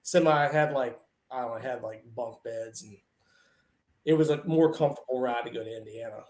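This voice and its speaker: A man telling a casual, animated story on a live show, laughing often and acting out his friends' lines. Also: fairly high pitch, reverberant. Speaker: truck and tractor pulling guest.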